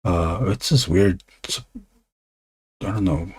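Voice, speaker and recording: A man broadcasting himself drawing comics speaks softly, half in a whisper, into a desk mic and lets his thoughts trail off into pauses. The tone is somewhat dark, with a faint hiss or hum.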